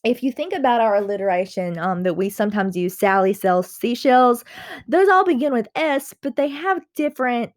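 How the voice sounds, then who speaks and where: A woman's voice: a little high, expressive, moderate pace, dry recording, studio quality. A woman teaching a recorded reading lesson. She explains patiently, repeats key points and often says um.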